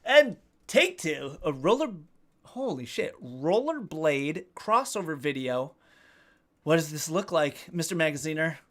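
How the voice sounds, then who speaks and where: Male streamer in his thirties, slightly high pitch, loose jokey chat with viewers. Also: lively intonation, unhurried. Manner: joking, self-deprecating, swears casually. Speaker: livestream host. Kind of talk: casual live-stream chat reading comments.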